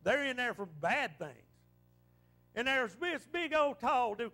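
A man's voice: very high-pitched, big pitch swings, unhurried, pushed and bright, faint music behind. A man from western North Carolina with a Southern Appalachian accent, preaching a folksy storytelling sermon in church.

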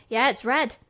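A woman co-hosting a podcast in casual chat, excitable and quick to laugh, gasping with delight. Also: fairly high pitch. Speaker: podcast co-host.

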